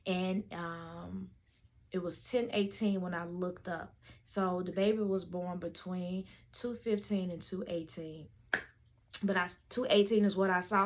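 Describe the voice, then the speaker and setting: A woman, a doula telling a story to camera in a lively way and acting out the voices of the people in it. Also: medium pitch.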